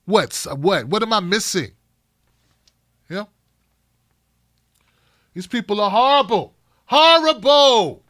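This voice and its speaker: Middle-aged male live-stream host, blunt and fired up; high, forceful voice, dry sound. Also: lively intonation, slow, pauses often, no room sound. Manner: fired-up, blunt, profane, talking to chat by name. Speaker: show host reading live chat. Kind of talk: live-stream talk show commentary.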